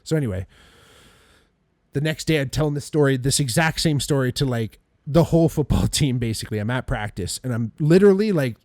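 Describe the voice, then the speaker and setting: A man telling a story in casual chat, animated, acting out quotes, swearing and laughing often. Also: medium pitch, a little fast, dry recording, clean studio sound. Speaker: podcast guest.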